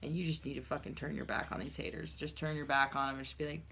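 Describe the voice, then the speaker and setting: Low-voiced blunt woman tarot reader. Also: fast, gravelly, a bit bright, breathy edge. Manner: blunt, swears freely, chatty asides. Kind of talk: casual tarot reading to camera.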